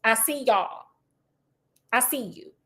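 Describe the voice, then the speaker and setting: A woman voicing an impatient, dismissive male doctor who talks fast in casual slang. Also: on the high side, a bit bright, husky, heavily acted. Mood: taunting.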